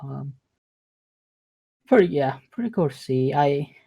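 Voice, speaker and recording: A man's voice: on the high side, lively intonation, measured pace, gravelly, dark tone, breathy edge. A young man co-hosting a gaming podcast in casual chat, drowsy and yawning, trailing off between thoughts. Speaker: podcast co-host.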